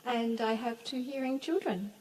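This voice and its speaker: A woman interpreting for the panelists, speaking in an expressive, lively way on a festival stage. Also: a little high, normal speed. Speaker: sign language interpreter voicing panelists. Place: main stage at a museum, before an audience. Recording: long hall reverb with faint room noise.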